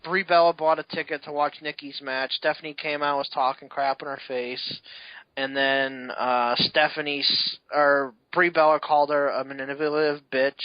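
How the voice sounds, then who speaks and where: A man's voice: medium pitch, dry recording. A man co-hosting a wrestling podcast in casual chat, telling stories in a chatty, rambling way. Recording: dull lo-fi recording.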